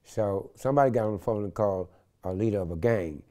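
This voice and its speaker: A man's voice: lowish voice, fast talker. An older man, telling a wild story in an interview and acting out the voices in it. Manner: animated storyteller acting out quotes in loud shifts. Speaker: interview guest.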